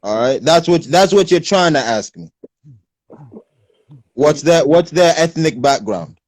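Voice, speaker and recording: A man's voice: on the high side, measured pace, no echo. Man with a slightly American-tinged accent. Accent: English with a slight American lilt. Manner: animated, explaining, street slang. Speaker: livestream host. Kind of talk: casual chat on a livestream. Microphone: phone.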